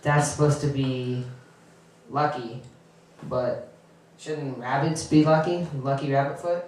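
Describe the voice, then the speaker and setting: A young man doing a halting, awkward stand-up comedy set, often restarting and chuckling. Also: medium pitch, steady tone, a little mellow. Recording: echoey room from far off.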